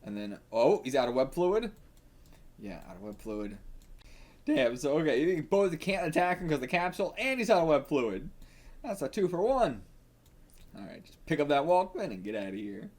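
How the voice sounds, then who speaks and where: A man hosting a manga reaction video, talking casually to himself, swearing and laughing often. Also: medium pitch.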